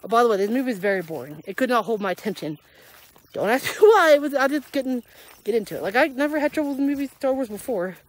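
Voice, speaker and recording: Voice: mid-range voice, expressive, fast. Breathless young vlogger rambling outdoors. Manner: rambling, chuckling often, groping for names. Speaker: daily vlogger. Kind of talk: casual rambling movie review. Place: outdoors on a rural property, walking a dog.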